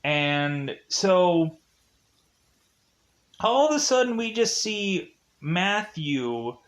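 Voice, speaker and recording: A man's voice: sits high, very animated, very slow. A young man casually recapping a film, rambling with many fillers and acting out the characters' lines. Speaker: film reviewer.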